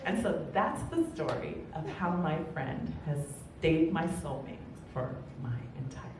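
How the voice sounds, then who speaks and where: A middle-aged woman telling a personal story on stage at a live storytelling event, animated and emphatic, with chatty asides to the audience. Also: measured pace. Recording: echoey hall, far from mic, rumbling noise.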